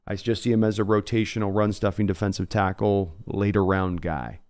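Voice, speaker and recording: A man's voice: lowish voice, steady tone, fairly quick, a little mellow, smooth. A man hosting a live draft reaction stream, breaking down prospects analytically in a casual way and reading out viewer comments. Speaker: host.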